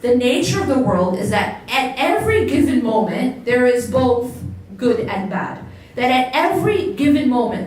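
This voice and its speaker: A woman's voice: fairly high pitch, darkish tone, slight background noise. A woman giving a religious talk to a live audience as an Islamic lecturer, engaging the crowd with questions. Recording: echoey hall, voice picked up from a distance.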